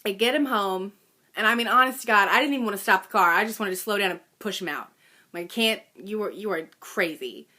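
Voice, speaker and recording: A woman's voice: mid-range voice, fast, pushed and bright. A woman in her thirties telling a personal story in a chatty, self-deprecating way, with little laughs and fillers. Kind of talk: personal story told casually.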